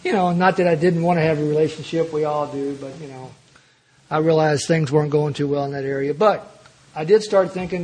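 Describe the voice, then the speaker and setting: A man's voice: a little high, a little fast, a little mellow, slight background noise. A man speaking to a recovery meeting, telling his own story with humor and acting out the lines of the people in it. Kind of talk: personal recovery story told to a group.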